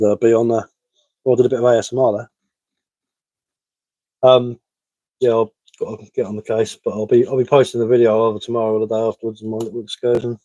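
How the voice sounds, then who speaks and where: Streamer, casual joke-teller, mid-pitched, dry close sound, chuckles at own gags. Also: male voice, mellow, dry recording. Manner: chuckles at his own dad jokes. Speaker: bushcraft live-streamer. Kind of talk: casual live-stream chat telling jokes. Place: living room at home.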